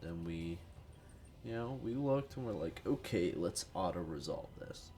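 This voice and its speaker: A man's voice: deep voice, lively intonation, a little slow, dark tone, a little hiss or hum. A man who is sick, giving rambling, profane, casual commentary over strategy gameplay. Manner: rambling, profane, self-deprecating. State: sick with a cold. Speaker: gaming youtuber.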